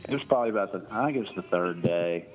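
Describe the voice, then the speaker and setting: A man's voice: low voice, lively intonation, quick pace, low-quality recording. A man casually telling a long fishing anecdote on a podcast, laughing as he rambles. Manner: rambling, laughing storyteller with restarts. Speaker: guest storyteller.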